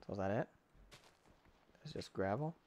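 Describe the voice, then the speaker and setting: Male gaming host, let's-play commentary, excitable and rambling, very animated pitch. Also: normal speed. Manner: excitable, with sudden shouts and big pitch jumps; rambling, talks to himself.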